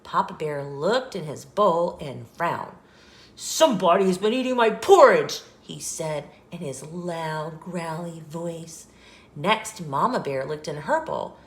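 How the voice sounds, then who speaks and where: A woman hosting a children's channel, reading a picture book aloud with slow, expressive storytelling. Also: low voice. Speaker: children's story reader and host. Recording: echoey room.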